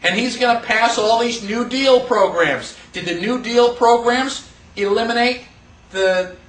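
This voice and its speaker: High-voiced man lecturing a class. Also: unhurried. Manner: animated, asks the class questions, acts out quotes. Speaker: teacher of a constitution class. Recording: echoey room, voice from far off.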